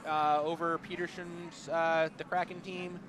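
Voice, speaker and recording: A man's voice: on the high side, level tone, measured pace, noisy background. A man commenting live on a curling match, chatty and explaining tactics. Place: curling rink with players calling out nearby.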